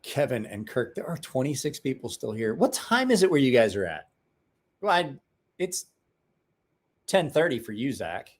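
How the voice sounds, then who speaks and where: A man's voice: medium pitch, big pitch swings, normal speed, long pauses. Tired, profane man in his forties from Ohio. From Ohio, USA. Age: 40s. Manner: rambling, profane, folksy storyteller who acts out quotes. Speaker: livestream host. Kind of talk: casual late-night livestream chat and storytelling.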